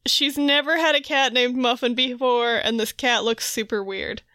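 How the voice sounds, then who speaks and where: A woman with a bright, fairly high voice chats casually as a podcast co-host. She giggles often and slips into quick voices for comic characters. The sound is dry and close. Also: steady tone, clean tone, no room sound. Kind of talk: casual chat, recapping a comic.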